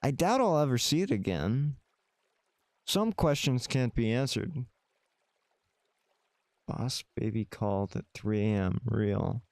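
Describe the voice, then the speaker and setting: A man's voice: medium pitch, lively intonation, slow, gravelly, long pauses, a little mellow, no room sound, clean studio sound. A man streaming a visual novel, reading the game text aloud with casual, wry asides to his chat.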